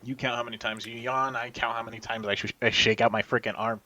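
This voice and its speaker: A man co-hosting a podcast in casual chat, halting and full of fillers and restarts. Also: mid-range voice, level tone, pushed and bright, highs cut off, a little hiss or hum. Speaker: podcast co-host.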